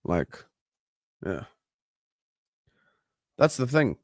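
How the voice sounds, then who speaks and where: A non-native English-speaking man hosting a relaxed live stream, rambling and reading out viewers' chat messages. His voice sits at an ordinary mid pitch. The recording is close and dry, with no room sound. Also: drawn-out words, no echo. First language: not English. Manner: chatty, rambling, reads and answers live chat. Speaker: livestream host.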